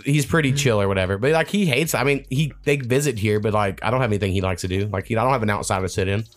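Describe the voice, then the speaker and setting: Fast-talking man. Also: fairly low pitch. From Oklahoma. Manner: rambling, profane storytelling. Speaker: podcast host. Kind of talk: casual chat.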